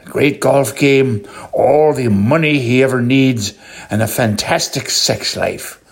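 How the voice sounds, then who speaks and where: A man's voice: measured pace, gravelly, husky. A man voicing a cheery, pushy little male leprechaun in a told joke. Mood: eager. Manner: eager, prodding, squeaks up in surprise.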